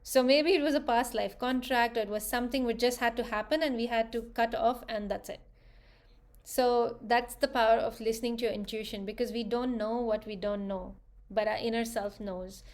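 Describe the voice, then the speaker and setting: A woman with a fairly high voice leads a live online workshop, speaking casually and telling stories with animation. She keeps checking in with her audience as she talks. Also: normal speed. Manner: conversational, checks in with listeners; animated storytelling. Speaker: spiritual workshop host.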